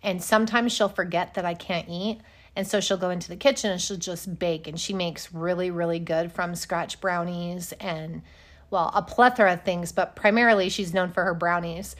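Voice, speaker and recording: A woman's voice: lowish voice, steady tone, moderate pace. A middle-aged woman from Wyoming co-hosting a casual chat, telling stories with sarcasm and swearing freely. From Wyoming, United States. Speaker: podcast co-host.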